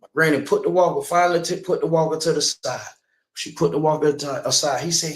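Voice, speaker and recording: A man's voice: fairly high pitch, brisk, vocal fry, fairly bright tone, reverberant. A man preaching in the street, telling a personal story with emphasis and asking listeners again and again whether they understand.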